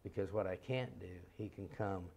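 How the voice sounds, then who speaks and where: A middle-aged man delivers a seminar sermon in a fairly low voice. He tells folksy, animated stories and drops into a soft, hushed tone for the prayerful passages. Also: normal speed, a little hiss or hum. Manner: folksy, animated storytelling with laughter. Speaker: seminar speaker and teacher. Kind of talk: sermon with storytelling.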